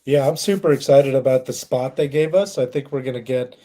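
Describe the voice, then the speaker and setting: Mellow, laid-back podcast host. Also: male voice, mid-range voice, brisk. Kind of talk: casual podcast chat.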